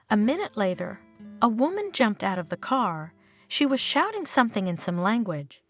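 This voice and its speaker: A woman narrating a scripted story in a steady storybook reading manner. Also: medium pitch. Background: faint guitar music.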